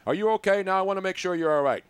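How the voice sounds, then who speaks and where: An animated man hosts sports talk radio, teasing his guest and rambling along. His voice sits a bit high, and the studio sound is close and dry. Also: racing, clear, resonant tone, no room sound. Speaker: radio host.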